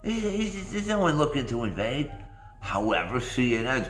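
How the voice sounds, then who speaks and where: A man's voice: medium pitch, big pitch swings, moderate pace, reverberant, faint music behind. A man hosting a morning rant vlog, rambling and sarcastic, often repeating his phrases. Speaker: vlog host.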